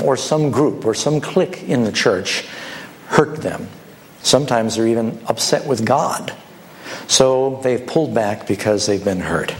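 A male pastor delivers a sermon with a lively, swinging pitch. He tells stories with animated energy, voicing the characters. A faint hum sits behind him. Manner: animated storytelling, acting out voices.

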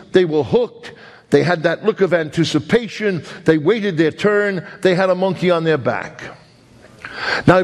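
An older man from New York preaching a sermon, emphatic and deliberate, slowing down on key phrases and then rushing through asides. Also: on the high side. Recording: long reverb of a large hall.

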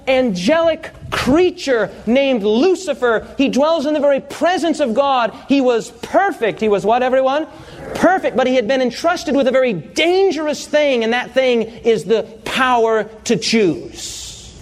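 High-voiced man preaching a sermon. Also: slight background noise. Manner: animated storytelling with audience call-and-response.

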